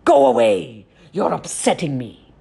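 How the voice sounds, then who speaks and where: A woman storyteller voicing a huge, stubborn male giant who talks loudly and refuses to budge. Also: very animated, measured pace, vocal fry, slightly rough, heavily acted. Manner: loud, stubborn, booming complaints.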